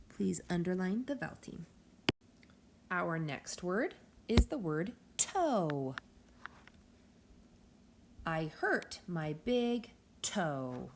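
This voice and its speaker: A woman teacher giving a phonics lesson to young children, slowly stretching out each sound. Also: fairly low pitch, expressive, vocal fry, a little mellow, slight background noise. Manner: slow, careful, stretching out sounds.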